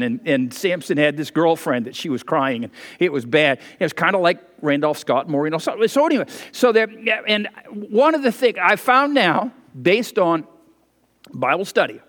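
A pastor delivering a sermon, telling stories with lively, rambling asides before coming back to scripture. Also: male voice, fairly high pitch. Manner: animated, digressive storytelling with asides. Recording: long reverb of a hall.

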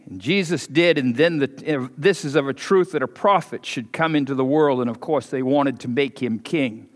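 A man preaching a sermon as pastor, telling folksy stories and leaping higher and louder for emphasis. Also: moderate pace. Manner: folksy storytelling, swings loud and high for emphasis. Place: church sanctuary. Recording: preached in a hall with long reverb.

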